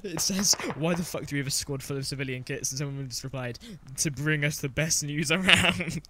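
A man's voice: fairly high pitch, a little fast, noisy background. A man gaming with a friend, teasing and laughing a lot. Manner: giggly, teasing. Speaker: gaming teammate. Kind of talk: casual gaming banter.

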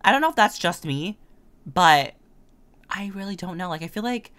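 A man's voice: high voice, lively intonation, unhurried, a bit bright, clear, resonant tone. A teenage boy chatting in a sassy, gushing way, heavy on filler words, as a casual voice-over for his own video. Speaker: gaming video creator. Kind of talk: casual voice-over chat over gameplay. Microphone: desk condenser microphone.

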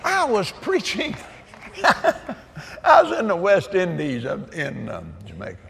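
A man's voice: high voice, wildly swooping pitch, unhurried, vocal fry, fairly bright tone, a little hiss or hum. An older man preaching, telling a story with laughter and folksy asides. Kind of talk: sermon storytelling. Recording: echoey hall reverb.

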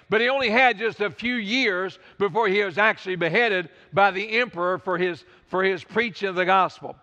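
A man's voice: high-pitched, bright, forceful tone, long reverb tail, lo-fi sound. A man preaching a sermon as pastor, fervent and repetitive, appealing straight to the congregation. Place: church sanctuary.

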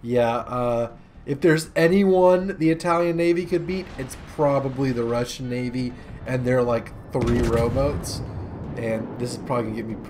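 A man's voice: mid-range voice, normal speed, noisy background. Young man joking through gameplay commentary. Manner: joking, rambling, sarcastic asides. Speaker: gaming commentator.

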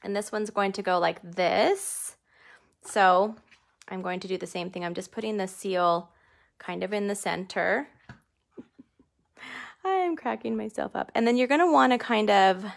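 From her home craft room, a woman with a mid-range, creaky voice leads a live stamping tutorial. She's chatty, pokes fun at herself and laughs a lot, captured by a desk camera under studio lights.

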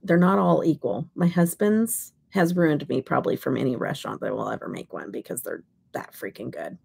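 A woman's voice: deep voice, lively intonation, a little fast, vocal fry, a little mellow, slightly rough. A middle-aged woman from Kansas, hosting a casual makeup livestream, chatty and rambling, often dropping into whispers. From Kansas, USA. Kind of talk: casual live chat while swatching.

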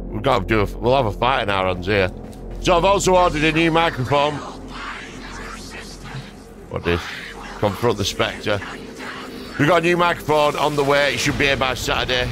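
A young man, rambling and swearing casually through gameplay commentary at his desk. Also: medium pitch. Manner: rambling, sweary and self-mocking. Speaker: gaming video creator. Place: home desk. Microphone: dynamic microphone at a desk.

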